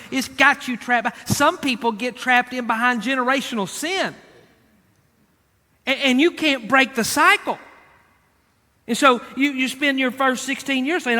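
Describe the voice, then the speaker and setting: A man's voice: extremely high pitch, bright, forceful tone, in a large hall. A male pastor preaching a sermon, speaking emphatically, repeating key words and addressing the congregation directly.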